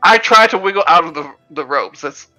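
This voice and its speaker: Man, bright tone, a bit high, rambling and joking, tabletop game player. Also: expressive, fairly quick, faint music behind, poor audio. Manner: rambling, joking, laughs often. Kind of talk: casual tabletop game chat.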